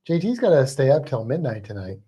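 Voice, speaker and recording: A woman's voice: rumbling low, big pitch swings, brisk, slightly rough, muffled recording. A woman co-hosting a casual home livestream, chatty and teasing, greeting viewers by name from a home podcast studio. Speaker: co-host of a livestream about pets.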